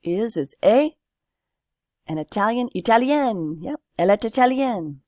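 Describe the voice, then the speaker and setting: A woman's voice: fairly high pitch, animated, unhurried, darkish tone, dry recording, studio quality. A woman teacher explaining French grammar step by step in a recorded lesson, patient and plain.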